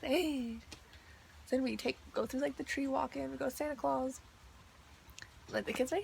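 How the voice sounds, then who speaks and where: A woman's voice: high-pitched, fairly even intonation, fairly quick, gravelly, slight background noise. A young woman ranting in a video diary, chatty and exasperated, with lots of "like". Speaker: vlogger.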